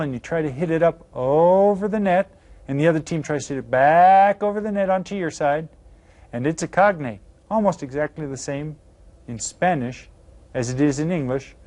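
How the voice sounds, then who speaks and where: A man's voice: fairly high pitch, dark tone. Upbeat man teaching Spanish to children. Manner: upbeat, cues students with counts, slow careful Spanish words. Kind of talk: recorded classroom video lesson for children.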